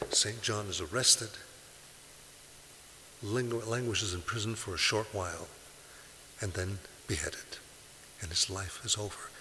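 A man preaching a sermon, speaking with emphasis and rising forcefully when he quotes scripture. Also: lowish voice. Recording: hissy recording in a large reverberant hall.

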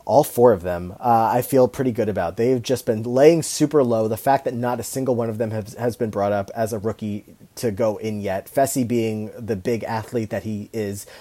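A man's voice: lowish voice, normal speed. A man co-hosting a podcast, chatting casually about a reality show with lots of fillers and restarts. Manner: relaxed, rambling with many fillers. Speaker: podcast co-host.

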